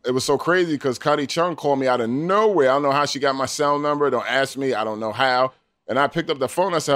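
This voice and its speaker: Animated man, higher voice. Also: fast. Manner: animated, acts out quoted voices. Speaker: armored car guard. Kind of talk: storytelling interview.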